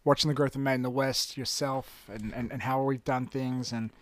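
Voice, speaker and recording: A young adult man, a podcast guest telling stories in an animated way, swearing often. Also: medium pitch, dry recording, studio quality. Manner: animated, swears a lot, quick bursts. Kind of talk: casual storytelling.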